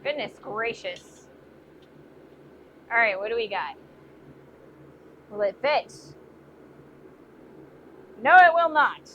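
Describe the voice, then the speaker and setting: Bright-voiced woman streaming from her forge. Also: a little high, sing-song, slow pace, pauses often. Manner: muses aloud and reads viewer comments. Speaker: blacksmith streamer. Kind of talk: casual live-stream chat while forging. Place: blacksmith workshop. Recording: dull lo-fi stream audio with faint noise.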